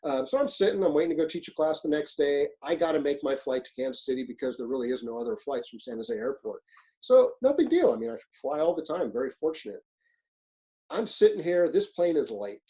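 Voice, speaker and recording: A man's voice: a little high, a little fast, low-quality recording. A middle-aged man giving a webinar on fire service leadership, telling stories in a blunt, profane way and acting out what people said. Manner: animated storyteller, acts out quotes, blunt and profane. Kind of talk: webinar presentation, storytelling. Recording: webinar, own presentation.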